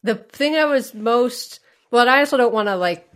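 A woman's voice: fairly high pitch, expressive, moderate pace, a bit bright. A woman co-hosting a casual podcast discussion, thinking aloud with frequent restarts and hedges. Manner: thoughtful, hedging with many restarts. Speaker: podcast co-host.

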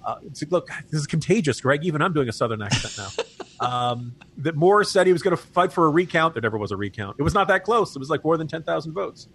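A man's voice: on the high side, animated, quick pace, a bit bright, husky, dry recording. A man co-hosting a political podcast, talking in a wry, chatty way. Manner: wry, chatty, laughs at his own jokes. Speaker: podcast co-host. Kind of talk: casual political talk.

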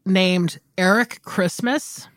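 A woman's voice: mid-range voice, slow pace, no room sound, clean studio sound. A woman co-hosting a podcast about films, chatting casually with enthusiastic reactions and the odd swear. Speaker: podcast co-host. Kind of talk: casual film discussion.

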